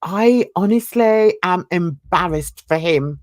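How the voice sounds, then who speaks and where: Host, female, lowish voice, dry close sound, earnest and indignant. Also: animated, takes it slowly, dry recording. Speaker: channel host. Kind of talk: casual panel chat.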